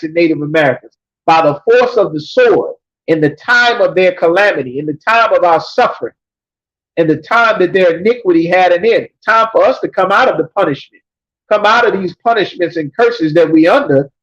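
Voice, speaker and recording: A man teaching a scripture class, reading verses slowly and then explaining them emphatically, often checking with "you understand?". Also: high voice, lively intonation, a bit bright. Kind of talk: preaching scripture breakdown. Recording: dull lo-fi recording.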